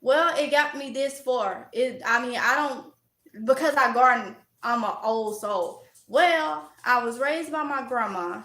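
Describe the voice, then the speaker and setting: A woman from Mississippi with a Mississippi accent, chatting loudly and outspokenly as a vlogger answering viewer comments. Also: a little high, measured pace. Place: at home while organizing. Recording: echoey room.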